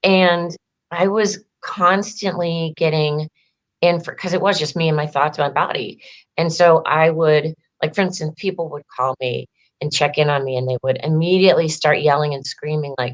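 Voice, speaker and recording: A woman's voice: low voice, moderate pace. A woman empowerment coach telling her story in a casual interview, chatty with lots of fillers and acted-out quotes. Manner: chatty, heavy "like" fillers, acts out quoted dialogue.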